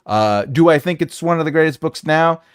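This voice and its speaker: A man's voice: on the high side, lively intonation, normal speed, clear, resonant tone. A man in his forties hosting a writing channel, chatting casually with viewers, joking and laughing as he rambles through asides. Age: 40s. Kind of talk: casual livestream chat.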